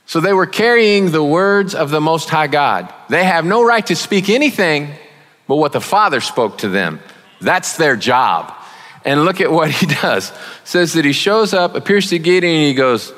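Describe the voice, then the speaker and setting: A man delivers a sermon as a guest preacher, his voice a touch high for a man. He keeps it chatty and humorous, then leans into points with sudden force. The long reverb of a large hall trails each phrase. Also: lively intonation, moderate pace. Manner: conversational, joking preaching with sudden loud emphasis.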